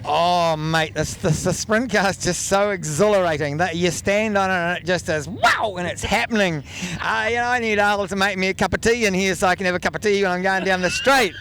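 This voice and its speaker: A man's voice: sits high, a little fast, few pauses, pushed and bright, a little hiss or hum. A man, a race driver answering in an easygoing, rambling way. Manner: easygoing, rambling, laughs a lot. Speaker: racing driver. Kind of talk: trackside interview. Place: outdoor speedway pits.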